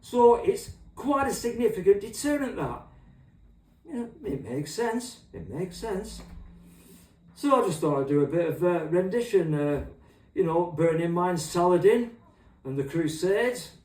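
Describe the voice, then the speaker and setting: A man's voice: sits high, lively intonation, unhurried, darkish tone, distant mic. A middle-aged man ranting in a rambling, crude and sweary way as host of a comic monologue. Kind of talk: profane comic rant. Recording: echoey room, off-mic.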